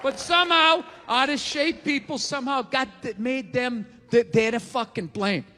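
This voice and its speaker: High, bright ranting comedian man. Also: moderate pace, big-room sound, a faint crowd, a little hiss or hum. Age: 40s. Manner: ranting, profane and sarcastic. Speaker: stand-up comedian. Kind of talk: stand-up comedy set. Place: comedy stage.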